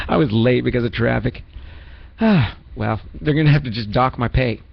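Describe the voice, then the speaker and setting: A man's voice: mid-range voice, moderate pace, creaky, no echo, highs cut off. A man hosting a radio show in a rambling, self-mocking comedic manner, full of restarts and asides. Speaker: radio host.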